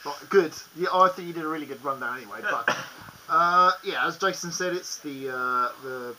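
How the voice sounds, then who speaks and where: A man explaining board game rules casually and haltingly, with many ums and restarts. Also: a little high, sharp tone, a little hiss or hum, poor audio.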